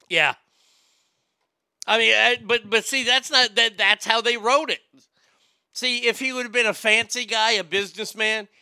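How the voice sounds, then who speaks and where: A man with a high, creaky voice hosts a casual comedy chat, cracking jokes about strange news stories. His tone is sharp yet smooth, with no echo, and his wisecracks often slide into mocking bits.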